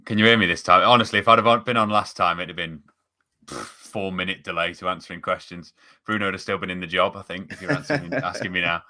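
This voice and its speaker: A man's voice: low-pitched, fast, bright, forceful tone. A man with an English accent, a podcast regular, joking in a laid-back, wry way in casual chat.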